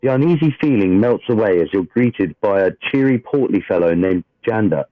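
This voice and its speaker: A man with a lowish, lively voice reads a fantasy game session recap aloud as a player, joking and swearing casually in between and taking the narration slowly. It mixes casual chat with read-aloud fantasy narration, recorded with dull, dry lo-fi sound and no room echo.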